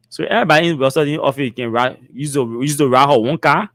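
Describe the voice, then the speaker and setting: A man's voice: medium pitch, quick pace, few pauses, fairly bright tone, no room sound, clean studio sound. A man with a Liberian English accent hosting a talk show, reading out social media comments with mocking asides and laughter. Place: studio.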